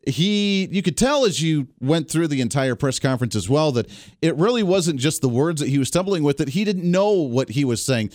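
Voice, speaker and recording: A man hosting a talk radio show, giving sarcastic, animated, unscripted political commentary. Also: on the high side, moderate pace, no room sound, studio quality.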